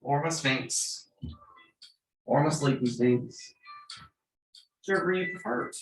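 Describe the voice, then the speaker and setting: A man in his thirties leading a gentle yoga class, giving calm cues for breath and movement with light joking asides. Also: fairly high pitch, slow pace. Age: 30s. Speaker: yoga instructor. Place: church room. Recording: roomy, from far off the mic.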